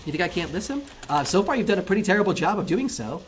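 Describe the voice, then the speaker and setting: A man's voice: high voice, sing-song, racing, hardly any pauses, slight background noise. Man ranting heatedly with profanity. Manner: frustrated arguing with chat. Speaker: livestreamer. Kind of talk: casual chat.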